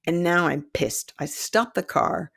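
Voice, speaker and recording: Lively storytelling woman in her fifties. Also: lowish voice, unhurried, vocal fry, slightly rough. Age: 50s. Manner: animated, self-mocking, laughs often. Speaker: psychic development teacher. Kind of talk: storytelling monologue.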